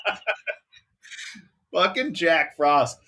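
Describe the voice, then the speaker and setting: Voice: medium pitch, animated, very slow, bright, forceful tone, a little hiss or hum. A podcast co-host in a casual movie review chat, ranting in exasperation and swearing often.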